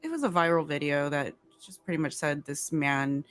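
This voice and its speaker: A woman co-hosting a casual podcast, talking in a lively, expressive way. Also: deep voice, moderate pace. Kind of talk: casual chat.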